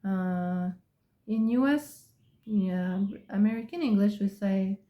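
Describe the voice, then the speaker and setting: A woman gives an English phonics lesson at an extremely unhurried pace, pausing often and stretching each vowel sound. Her voice sits at a middle pitch. The recording is somewhat dull and lo-fi. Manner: slow and deliberate, drawing out vowel sounds with many pauses. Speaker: English pronunciation teacher. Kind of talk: phonics lesson, repeating example words.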